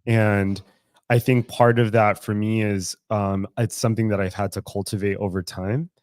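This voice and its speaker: A man's voice: on the low side, flat delivery, moderate pace, a little mellow, no echo, clean studio sound. A man co-hosting a casual podcast, talking candidly about his faith, often laughing and swearing freely. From San Francisco Bay Area. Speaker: podcast co-host. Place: studio room.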